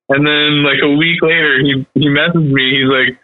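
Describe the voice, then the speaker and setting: A man's voice: on the high side, little pitch movement, brisk, few pauses, dry recording. A man chatting casually about mopeds in a laid-back, rambling way, full of "like" and "dude", swearing now and then. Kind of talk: casual chat. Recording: dry tinny phone-like line.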